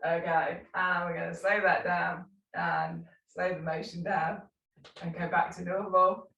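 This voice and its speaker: A woman teaching a live tai chi class, calmly cueing slow movements with unhurried asides. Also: lowish voice, creaky, lo-fi sound. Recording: echoey room, mic at a distance.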